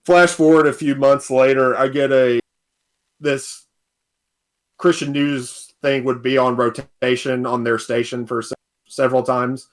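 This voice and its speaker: A man's voice: mid-range voice, fairly even intonation, a little slow. A young man, a guest on a casual podcast, telling a story with frequent laughs.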